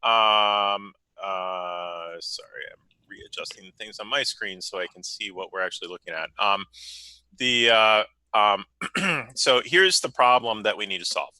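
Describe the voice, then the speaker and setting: A low-voiced man explains a coding problem on a video call, stalling on fillers and restarts. His tone is strikingly bright and sharp, and it sounds dry and close to the mic. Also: measured pace, smooth, no echo, rough recording. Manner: hesitant, many fillers and restarts. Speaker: software developer. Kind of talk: technical explanation in a meeting.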